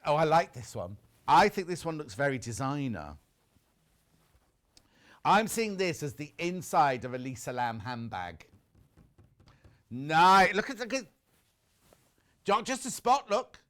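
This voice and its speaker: Lively chatty male TV presenter. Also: on the high side, a little slow, pauses often. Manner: lively, gossipy, reads viewer messages aloud. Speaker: shopping channel presenter. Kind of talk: chatty live TV selling. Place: TV studio.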